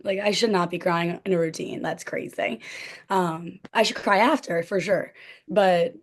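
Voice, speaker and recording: A woman's voice: lowish voice, measured pace. A young woman, a podcast guest, telling a story in casual chat and lacing it with "like" and small laughs. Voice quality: frequent "like" fillers, light laughs between words. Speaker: podcast guest, former cheerleader.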